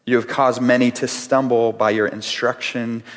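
A man's voice: mid-range voice, little pitch movement, moderate pace, big-room sound. A man preaching a sermon with earnest, repeated phrases as he builds each point. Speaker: pastor.

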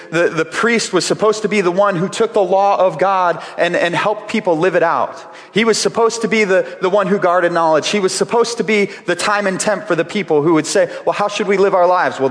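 A man's voice: high voice, fairly bright tone, long reverb tail. A man preaching a sermon with earnest, repeated phrases as he builds each point. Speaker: pastor.

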